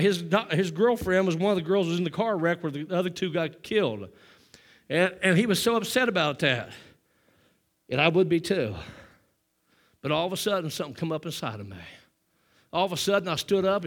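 High-voiced pastor preaching call-and-response. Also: male voice. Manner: preacherly call-and-response, swinging from hushed storytelling to loud exhortation. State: out of breath. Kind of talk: sermon.

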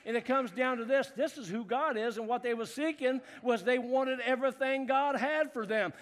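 A middle-aged man preaching a sermon in a folksy way, moving from low asides to loud shouts. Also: fairly quick, few pauses, a faint crowd, slight background noise. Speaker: pastor.

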